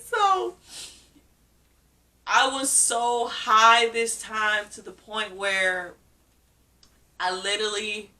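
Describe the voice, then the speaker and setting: Sitting a bit back from her microphone, a young vlogger shares a personal story with her viewers. Her bright, clear, medium-pitched voice moves very slowly with frequent pauses, and she's casual and animated, laughing a lot and saying "literally" again and again.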